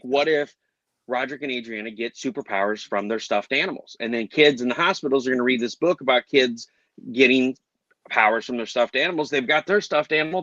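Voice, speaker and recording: A man's voice: medium pitch, pushed and bright, no room sound, highs cut off. A man hosting a casual podcast chat, talking in a rambling, upbeat way. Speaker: podcast host.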